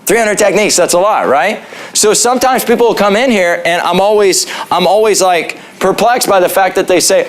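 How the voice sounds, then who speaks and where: A man's voice: high-pitched, brisk. A man, a chiropractor, giving a casual class in his office, joking and throwing questions to the audience. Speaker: chiropractor teaching a health class.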